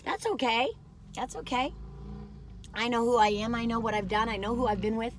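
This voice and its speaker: A woman's voice: on the high side, flat delivery, fast, slight background noise. A middle-aged woman chatting casually in a meandering, folksy way while reviewing food. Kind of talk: casual rambling chat.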